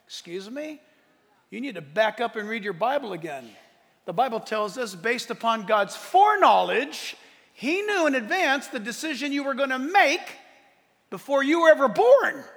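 High voiced guy preaching a sermon, gravelly, lots of joking around, big echoey hall. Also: normal speed. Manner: animated preaching with jokes and acted-out voices. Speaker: pastor. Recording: hall reverb.

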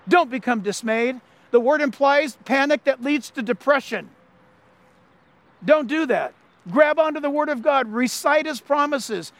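A man pastor giving an animated, emphatic sermon, often repeating his phrases for effect. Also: very high voice, unhurried. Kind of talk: Easter sermon.

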